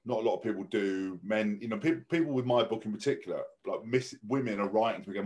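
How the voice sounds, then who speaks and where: A man's voice: fairly low pitch, quick pace, darkish tone. A man speaking as a podcast guest, blunt and outspoken, swearing freely and often restarting his sentences. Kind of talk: casual podcast conversation.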